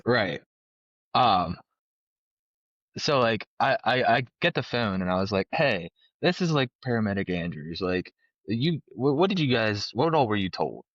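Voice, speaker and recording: A man who hosts a podcast and works as a paramedic, chatting in a relaxed way and often asking "right?". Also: medium pitch, measured pace, long pauses, no echo, muffled recording. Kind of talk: casual chat.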